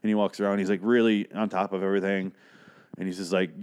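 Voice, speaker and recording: A man's voice: on the low side, fairly even intonation, fast talker, a little mellow. Rambling, profane male podcast host. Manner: rambling, profane, acts out characters. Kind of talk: casual solo podcast chat.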